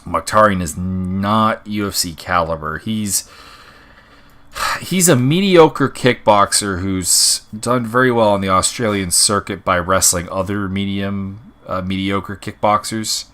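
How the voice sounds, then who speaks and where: A man's voice: on the low side, measured pace, a bit bright. A man hosting an MMA predictions show, giving casual unscripted commentary with many fillers and restarts. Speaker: MMA fight predictions host.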